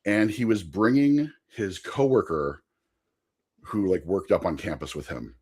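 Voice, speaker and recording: A man's voice: low voice, a little slow, a little mellow, slightly rough. A young man, a podcast guest, telling a rambling anecdote in a casual chat and laughing as he goes. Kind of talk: casual storytelling.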